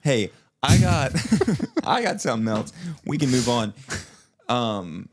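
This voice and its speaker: With a medium pitch, big pitch swings, and a slow pace, a young man co-hosts a podcast over slight background noise. He chats casually and rambles, full of filler "likes" and restarts, laughing frequently.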